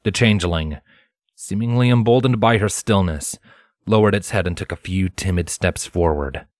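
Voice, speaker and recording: A man reading fan fiction aloud in a measured, dramatic narration. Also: low voice, darkish tone, no echo, studio quality. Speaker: fanfiction reader. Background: faint background music.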